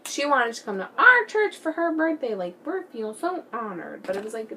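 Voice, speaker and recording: A teenage girl chatting through a storytime vlog with a bright, clear voice. She is excitable and giggly and leans on "like" and "bro". Some lines drop to a near whisper, with a faint hiss behind her. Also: fairly high pitch, normal speed. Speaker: vlogger.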